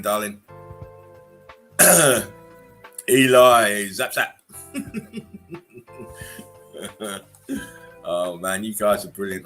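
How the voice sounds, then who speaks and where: A man hosting a casual livestream chat, relaxed and rambling as he greets viewers and laughs between remarks. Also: lowish voice. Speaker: livestream host.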